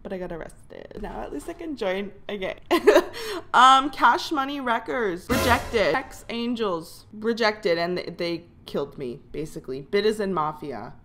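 A woman's voice: mid-range voice, expressive, a little slow, sharp tone. A young woman giving let's play commentary on a life simulation game, giggling often and reacting dramatically to each event. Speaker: gaming YouTuber.

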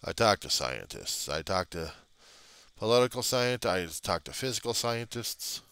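A middle-aged man in a rambling casual monologue, gruff and grumbling, swearing freely as he talks to his webcam. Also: on the low side, sing-song, moderate pace, a bit bright, dry recording. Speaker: vlogger.

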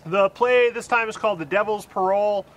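Bright high-voiced joking man outdoors. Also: a little fast, rough recording. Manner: joking, relaxed, self-deprecating. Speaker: co-host of local events show. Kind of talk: casual outdoor chat, reading event listings. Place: outdoors in cold winter by a road.

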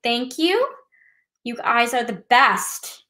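In a low-quality recording, a woman hosts a live trivia night with a high, animated voice that's slow, pushed and bright. It's a casual live-stream demonstration where she explains things step by step, poking a little fun at herself.

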